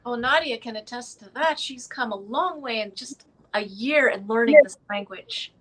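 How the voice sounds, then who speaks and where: Wry-humored woman, fairly high voice. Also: normal speed, a bit bright. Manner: dry, wry jokes. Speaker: band member. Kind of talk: casual interview chat.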